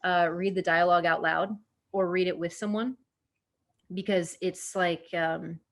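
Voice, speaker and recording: A woman talks as a guest actor on a podcast, relaxed and conversational. Her voice sits low for a woman, and she keeps pausing on fillers and starting sentences over as she works out her thoughts. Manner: chatty, frequent fillers and restarts. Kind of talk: casual interview talk.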